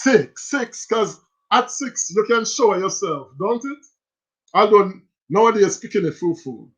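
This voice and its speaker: A man with a Jamaican accent hosting a casual livestream, reading viewer comments and slipping into patois. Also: high voice. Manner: animated, switches into patois, reads viewer messages aloud. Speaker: livestream host.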